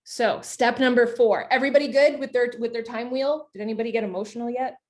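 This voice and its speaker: A woman leading a live online coaching workshop, talking in a chatty, animated way with lots of filler words. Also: a little high, fast. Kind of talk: casual coaching talk to an online group.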